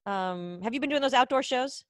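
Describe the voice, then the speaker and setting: A woman hosting a casual video-call chat show, upbeat and chatty with quick asides. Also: a little high, animated, dry recording. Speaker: talk show host.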